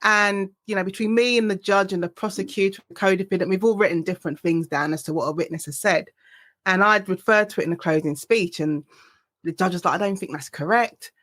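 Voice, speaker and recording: A woman with a South East London accent talks casually as a podcast host, telling stories with animated energy. Her voice sits at an ordinary pitch. The room sounds dry and close. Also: a little fast, no room sound. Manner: animated storytelling with laughter. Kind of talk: casual conversation.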